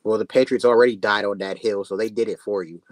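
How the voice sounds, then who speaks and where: A man's voice: fairly low pitch, steady tone, fast talker, very noisy. Playful young man teasing. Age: young adult. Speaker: guest. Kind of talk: casual sports banter.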